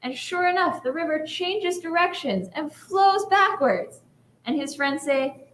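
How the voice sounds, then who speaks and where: High-voiced woman giving a sermon. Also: animated, measured pace, a bit bright, echoey room. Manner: conversational, often adds "right?". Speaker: rabbi. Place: synagogue sanctuary.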